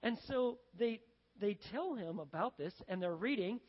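A man preaching a sermon as a pastor, telling a story in an animated, conversational way. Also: high voice, normal speed. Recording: dull lo-fi sound with long hall reverb.

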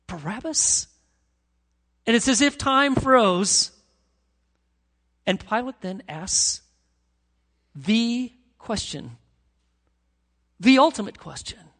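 A man preaching a sermon as pastor, emphatic and animated, reading scripture dramatically. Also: extremely high pitch, takes it slowly, long pauses, in a large hall.

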